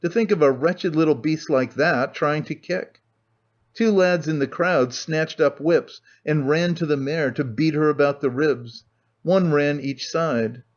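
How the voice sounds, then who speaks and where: A man reading a classic novel aloud as an audiobook narrator, in a measured storytelling manner. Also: a little high. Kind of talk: scripted narration. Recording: muffled lo-fi audio.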